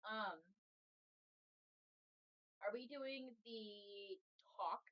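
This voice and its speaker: A woman's voice: mid-range voice, extremely slow. A woman co-hosting a podcast in casual chat, loose, giggly and swearing freely. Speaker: podcast co-host. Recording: dull lo-fi mic.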